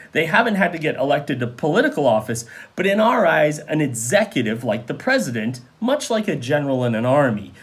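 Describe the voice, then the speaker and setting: A man giving a conversational history lecture, animated and full of rhetorical questions to his students. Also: fairly high pitch. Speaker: history teacher.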